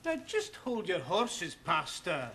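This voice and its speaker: An actor playing a touchy young doctor who gets indignant and defensive, in a 1970s TV sitcom. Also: male voice, high-pitched, huge pitch swings, slow, pushed and bright, full character voice. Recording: noisy old TV sitcom soundtrack.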